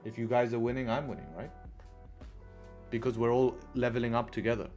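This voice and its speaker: A man's voice: medium pitch, steady tone, fairly quick, darkish tone, soft background music. A man hosting a live trading stream, talking casually to viewers and often tagging his points with "right?". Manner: conversational, keeps adding "right?", profane asides. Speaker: trading livestream host.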